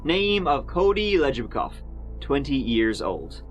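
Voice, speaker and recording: A man narrates a true crime case in a relaxed, conversational voice-over. He wanders into fillers and dry asides but keeps the story moving, sounding like someone talking rather than reading. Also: medium pitch, slow pace, muffled recording, faint music behind.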